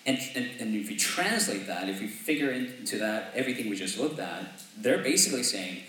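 A man's voice: on the low side, animated, fairly quick, hardly any pauses, fairly bright tone, heavy reverb, distant mic, a little hiss or hum, poor audio. A man preaching a sermon as pastor, in a conversational way, often asking "right?" and laughing lightly. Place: church sanctuary.

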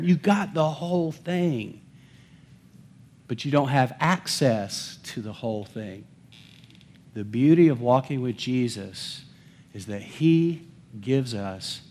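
A man's voice: medium pitch, expressive, takes it slowly, a little mellow, slightly rough. A pastor giving a sermon in a church, talking conversationally and asking his congregation questions. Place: church sanctuary.

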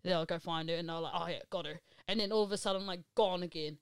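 A woman's voice: fairly low pitch, very fast, clear, resonant tone, dry recording. A young woman, telling stories in a casual, slangy, chatty way. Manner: chatty storytelling, lots of "like", slangy. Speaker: podcast co-host. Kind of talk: casual chat.

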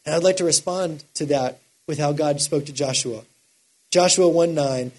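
Man, preacher, sermon, high voice, husky, rises to impassioned shouts and sinks to near-quiet. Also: moderate pace. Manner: builds to impassioned shouting, then drops quiet.

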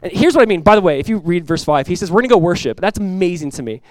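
A male pastor delivers an animated sermon, moving between fast asides and acted-out voices from the story. His voice sits a little high for a man. The sound is dry and close, with little room around it. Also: no room sound. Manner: animated preaching, acts out quoted voices, laughs. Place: church.

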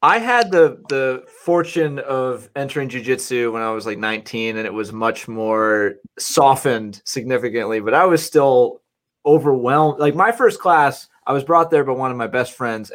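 Brief: man, mid-pitch, earnest reflective storyteller, casual chat. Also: normal speed, fairly bright tone.

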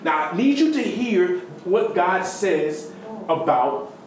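A man preaching a sermon, retelling a story in a conversational way with sudden high, emphatic stretches and low, quiet ones. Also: big pitch swings, takes it slowly, roomy sound, slight background noise, poor audio.

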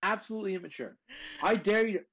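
A brash man co-hosting a casual sports podcast, talking in a slightly high voice. He gets riled up and curses freely as he trades takes with his co-host. His delivery is loud, pushy and full of bluster. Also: fast talker, breathy edge, rough recording. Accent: put-on accent at times.

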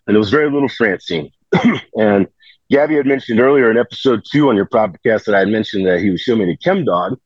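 A man's voice: on the low side, a little mellow, no room sound, dull audio. A man telling a long, rambling story in casual conversation, full of fillers and restarts. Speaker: podcast guest telling stories.

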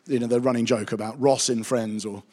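A man's voice: medium pitch, fairly quick. Englishman teaching Scripture in a hall. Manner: chatty, anecdotal, animated asides. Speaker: pastor and Bible teacher. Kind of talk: conversational Bible teaching. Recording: reverberant hall.

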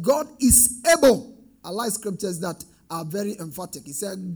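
A man's voice: high voice, vocal fry, a little mellow, slightly rough. A man preaching a sermon with call-and-response, rising into sing-song emphatic swells.

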